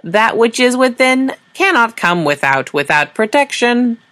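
A woman voicing an alien translation device that speaks in slow, stilted, oddly worded phrases. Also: a little high, big pitch swings, a bit bright, pitched above the performer's own voice. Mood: cryptic. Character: cryptic alien translation device, sexless machine.

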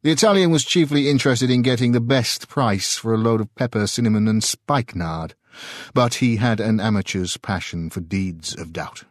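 A man narrating a short story in an expressive storytelling manner. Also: lowish voice, normal speed, no room sound, studio quality. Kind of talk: scripted narration.

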